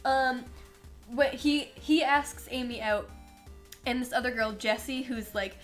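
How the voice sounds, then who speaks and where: Chatty, sarcastic young woman, fairly high voice. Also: unhurried, soft background music. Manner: chatty, sarcastic, acts out scenes in mock voices, laughs often. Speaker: podcast co-host. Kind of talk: casual chat.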